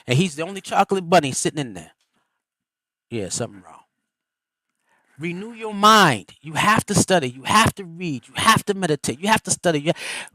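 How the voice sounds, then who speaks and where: A man's voice: on the high side, no room sound, rough recording. A middle-aged man hosting a live stream, giving a motivational teaching in a folksy, preacherly way. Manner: animated, preacherly, folksy and quick. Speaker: host.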